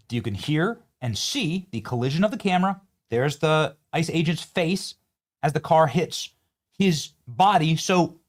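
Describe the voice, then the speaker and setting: A male host giving impassioned, emphatic commentary over video clips, moralizing as he goes. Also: fairly high pitch.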